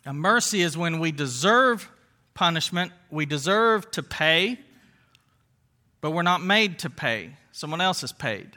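A man's voice: on the high side, lively intonation, measured pace, pushed and bright. A man preaching a sermon as pastor, talking conversationally and piling up rhetorical questions.

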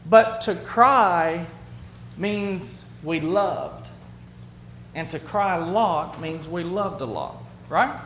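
A man with a fairly high voice preaches a sermon in a roomy, echoing space. He sinks to a hushed, quiet tone on the weighty words before building back up, and a faint hum sits behind him. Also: very slow. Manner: drops to a hushed low voice on key words, then builds up. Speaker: pastor. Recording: roomy, echoey hall.

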